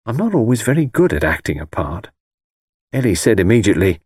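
A man reading a first-person novel aloud in a measured, wry, conversational manner. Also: fairly low pitch, very animated, a little mellow, breathy edge, dry recording, clean studio sound. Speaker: audiobook narrator.

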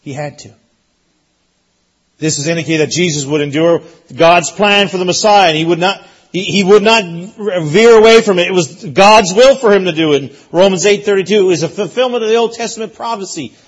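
A man preaching a sermon as pastor, emphatic and repetitive, rising to loud peaks. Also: high voice, brisk, breathy edge, lo-fi sound. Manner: emphatic, repeats phrases, rises to loud peaks.

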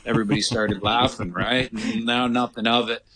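Reporter phoning in; bright, animated, rambling storyteller. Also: male voice, lowish voice, normal speed, husky. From United States. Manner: animated storyteller with many restarts and laughs. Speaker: sports reporter calling in. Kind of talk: casual radio phone chat. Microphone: phone line.

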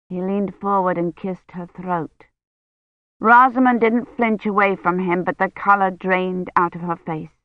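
A woman reading a novel aloud as audiobook narrator in a measured, even way. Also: fairly low pitch, dry recording. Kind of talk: scripted narration. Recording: dry, dull lo-fi audiobook recording.

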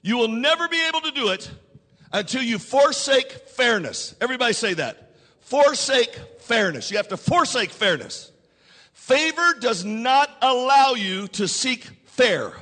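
A man preaching a sermon, repeating his lines, calling for responses and rising to shouts. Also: very high-pitched, sing-song, measured pace, big-room sound. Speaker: pastor.

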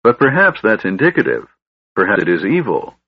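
A man's voice: fairly low pitch, big pitch swings, fairly quick, slightly rough, no echo, muffled recording. A man voicing a bitter, honor-bound young knight with a grave, brooding delivery.

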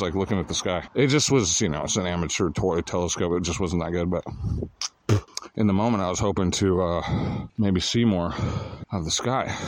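A man's voice: deep voice, dry recording. A homeless man telling rambling stories in a casual, profane monologue that often wanders and restarts.

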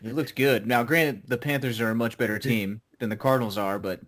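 A man's voice: mid-range voice, brisk, fairly bright tone. A man co-hosting a podcast in a casual sports chat, teasing his partner with dry sarcasm. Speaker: podcast co-host.

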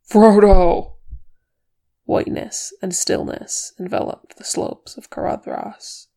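A woman narrating a chapter of fan fiction as an audiobook reader, measured and expressive. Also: mid-range voice, vocal fry.

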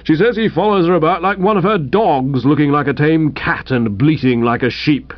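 A man voicing a hearty, brusque older woman with a loud ringing voice. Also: on the high side, normal speed, no echo, lo-fi sound, lightly acted.

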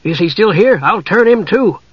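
A man doing a high, chirpy kender adventurer. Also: animated, normal speed, slightly rough, no echo. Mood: eager. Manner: eager, chirpy, breezy. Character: cheerful, curious, reckless male kender adventurer. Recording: dull lo-fi audio.

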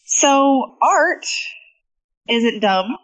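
A woman co-hosting a casual chat, animated, swearing freely and laughing often. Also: sits high, drawn-out words, dull audio. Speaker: podcast co-host.

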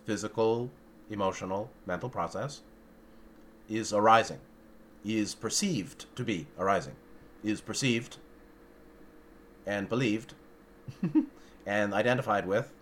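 A man with a lowish voice talks through a meditation teaching, thinking aloud as he goes and tossing in dry, blunt asides. A faint hiss of background noise sits under the recording. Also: fairly bright tone. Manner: musing, searching for words, with dry humor and blunt asides. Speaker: dharma teacher. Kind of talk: informal dharma talk.

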